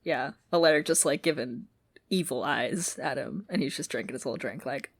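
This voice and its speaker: A woman co-hosting a podcast in casual chat, animated and laughing, acting out lines and sometimes dropping to a near-whisper. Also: extremely low pitch, moderate pace, slightly rough. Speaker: podcast co-host. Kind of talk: casual chat recapping a TV show.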